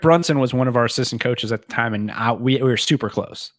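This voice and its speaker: A man's voice: mid-range voice, fast, no echo. Man telling a rambling story, dry sound. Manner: rambling, quoting others, frequent restarts and laughs. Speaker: podcast co-host. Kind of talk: casual storytelling.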